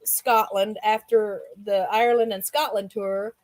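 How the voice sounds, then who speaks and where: An American woman hosting a casual interview over a video call, bubbly and quick to laugh. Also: mid-range voice, flat delivery, a little mellow, no room sound. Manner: bubbly, giggly, quick-reacting. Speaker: show host.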